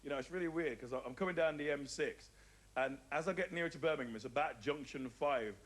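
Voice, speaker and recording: A man from the English Midlands doing stand-up, telling stories in an animated way and slipping into voices. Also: on the high side, fast. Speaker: stand-up comedian. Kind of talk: stand-up storytelling.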